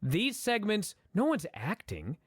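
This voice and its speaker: Co-hosting a podcast of casual chat and wrestling review, this man is profane, opinionated, and animated, cursing freely and giving blunt takes. His husky voice is high-pitched at a measured pace, recorded in studio quality with no room sound.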